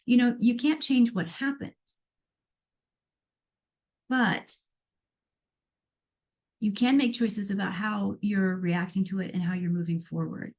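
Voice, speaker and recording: This middle-aged psychic medium from Iowa takes her time, her voice sitting fairly high as she hosts a live call-in show. Listener questions get read out and answered in a lively, talkative style sprinkled with playful side comments.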